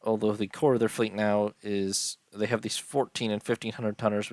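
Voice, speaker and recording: A tired man with a low voice talks through a strategy game in casual, unhurried commentary. He yawns between lists of figures and fills gaps with ums. The sound is close and dry, with no room around it. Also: little pitch movement, darkish tone, no echo. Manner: unhurried, listing details with many ums and uhs. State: tired, yawning. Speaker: strategy game let's-player.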